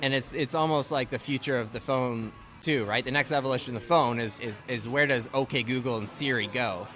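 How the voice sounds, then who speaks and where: A man's voice: medium pitch, brisk, a bit bright, soft background music. Podcast host, man from Ontario, mid-range voice, loose filler-heavy chat. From Ontario, Canada. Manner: chatty, many filler "like" and "right". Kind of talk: casual chat.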